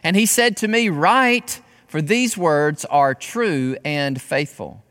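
A man preaching a sermon with passion, swinging between loud exclamations and hushed, intimate tones. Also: a little high, takes it slowly, big-room sound. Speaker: pastor.

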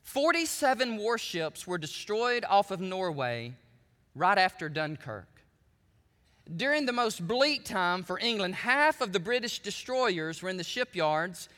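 A man's voice: high voice, sing-song, measured pace, pushed and bright, big-room sound. A man from the United States preaching a sermon as pastor, swinging between chatty asides and fervent preaching.

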